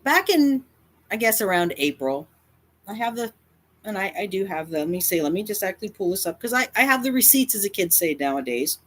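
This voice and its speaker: Very animated and a little fast, a cat advocacy YouTuber's mid-range, slightly bright voice drives a confrontational to-camera rant. Emphatic and defiant, they repeat lines often for effect.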